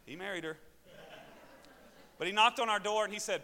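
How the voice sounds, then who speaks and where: A man with an Arkansas accent, a pastor telling a personal testimony in a sermon, moving between loud preaching and quiet asides. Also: high voice, normal speed. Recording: hall reverb.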